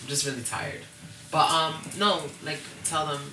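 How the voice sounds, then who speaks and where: A woman's voice: low voice, normal speed. A woman in her thirties, a podcast co-host, chatting casually and acting out her children's voices as she tells stories. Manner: animated storytelling, acts out kids' voices. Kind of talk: casual chat. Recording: roomy with clear background noise.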